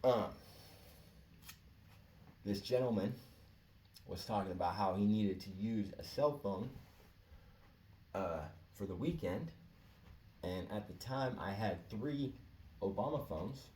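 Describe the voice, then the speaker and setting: A laid-back man tells a long story in a slow, slangy drawl and laughs often. His voice sits a little low, and he is heard from a short way off the mic in an echoey room. A faint ambient hum runs behind him. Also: a little mellow, distant mic. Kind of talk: casual storytelling monologue.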